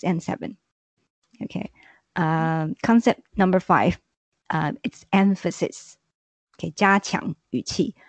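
A woman's voice: fairly low pitch, darkish tone, no echo. A woman who teaches languages, patiently explaining word usage in a casual podcast lesson, with frequent ums and uhs.

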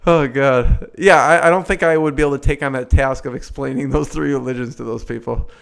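Male host, mid pitch, resonant with some fry, easygoing questions. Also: fairly even intonation, brisk. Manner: casual questions with hesitant fillers. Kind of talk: interview conversation.

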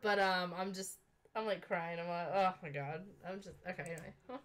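A woman hosting a reaction video, talking casually in a gushing, excitable way with lots of fillers. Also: fairly low pitch, a little fast, slight background noise. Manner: gushing and excitable, full of "oh my god" and "like".

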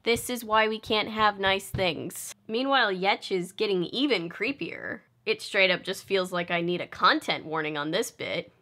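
A woman's voice: mid-range voice, lively intonation, normal speed, few pauses, sharp tone, a little hiss or hum. A young woman vlogger giving casual, sarcastic film commentary, joking and laughing often.

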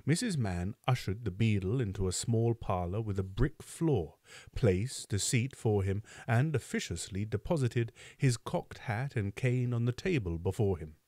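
A man narrates a classic novel aloud as host of a live book reading. His storytelling is measured and expressive, with a lively, varied pitch and a dark, mellow tone. The recording is close and dry. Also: dry recording.

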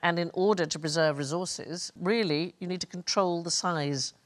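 A woman's voice: lowish voice, normal speed. An English woman hosting a TV panel quiz, telling stories with fillers and laughter. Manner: animated storytelling with fillers and laughs. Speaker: quiz show host. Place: TV studio with audience.

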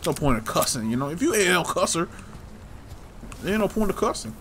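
A man's voice: high-pitched, sing-song, brisk, a bit bright, slight background noise. Man swearing through casual game commentary. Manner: talks to himself and the game hero, swears often, teasing. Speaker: gameplay streamer.

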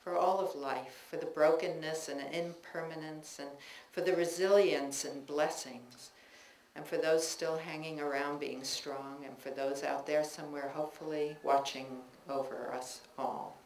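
A woman reading her own personal essays aloud to an audience in a bookstore, measured and reflective, with chatty asides between pieces. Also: sits low, fairly even intonation, a little mellow, slight background noise. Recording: echoey room recording with faint ambience.

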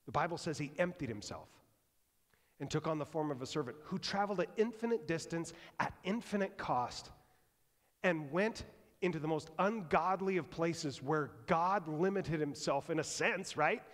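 A man preaching a sermon as pastor, conversational and animated, swinging between loud and hushed. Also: on the high side, normal speed. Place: church sanctuary. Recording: long church reverb.

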